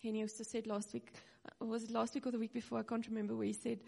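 A woman in her thirties gives a heartfelt sermon, breaking into nervous laughs as she holds back tears. Her voice sits a little high, husky and dark in tone. A long hall reverb trails each phrase. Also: monotone, very fast. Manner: earnest and personal, with nervous laughs. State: close to tears. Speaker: preacher.

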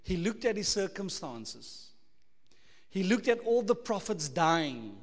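A South African man preaching a sermon, emphatic, full of rhetorical questions, swinging between loud and hushed. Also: high voice, sing-song, takes it slowly, long reverb tail. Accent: South African English.

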